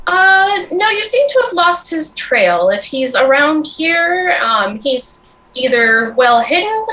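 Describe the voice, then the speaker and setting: A woman's voice: sits high, big pitch swings, slow pace, sharp tone, low-quality recording. A woman running a tabletop game as game master, narrating with frequent hesitations.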